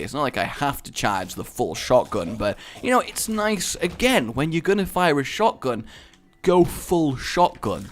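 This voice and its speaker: A young man commentating his own gameplay in a jokey, excitable way, breaking into loud, high exclamations. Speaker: gaming video host. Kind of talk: let's play commentary.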